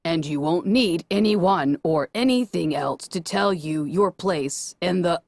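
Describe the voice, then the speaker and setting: A woman reading a fan fiction story aloud and voicing a calm, lecturing voice that speaks through a flying robot orb. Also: on the low side, measured pace, gravelly, dry recording, pitched below the performer's own voice. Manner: calm, lecturing, slightly hesitant.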